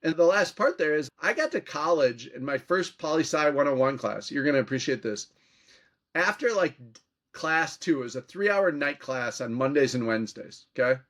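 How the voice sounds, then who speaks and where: Man, political commentator, podcast guest, slightly high voice, anecdotal, chatty. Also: animated, normal speed, a bit bright. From Minnesota. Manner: chatty, anecdotal, acts out quoted exchanges. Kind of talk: storytelling interview talk.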